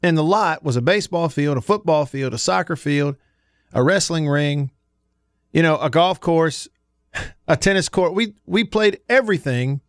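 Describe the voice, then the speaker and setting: A man's voice: on the high side, lively intonation, moderate pace, no echo, clean studio sound. A man in his forties from Alabama with a Southern accent, hosting a sports radio show and telling stories in a chatty way, laughing often. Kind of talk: casual sports radio talk.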